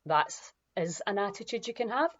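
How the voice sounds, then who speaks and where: A woman's voice: mid-range voice, moderate pace, dull audio. Woman giving an impassioned motivational talk. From Scotland. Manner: animated, emphatic, acts out voices of others. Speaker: wellness movement founder.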